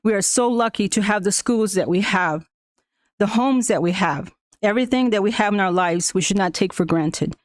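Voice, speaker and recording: A woman's voice: medium pitch, moderate pace, no echo, studio quality. A woman whose first language is Spanish, a school staff member telling the board a personal story, with many fillers and restarts and frequent laughs. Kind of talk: personal account at a public meeting.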